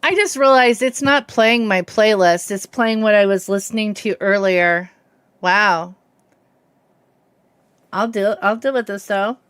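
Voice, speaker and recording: A woman in her fifties with a faint Southern twang, hard of hearing, chatting loosely and laughing easily as she streams a game. Her voice is smooth and clear, in the middle of the range, recorded close and dry with no room sound. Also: medium pitch, measured pace, long pauses, fairly bright tone, no echo. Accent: slight Southern American. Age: 50s. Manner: chatty, rambling, laughs easily, greets viewers by name. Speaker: livestream host. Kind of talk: casual chat with viewers while streaming a game.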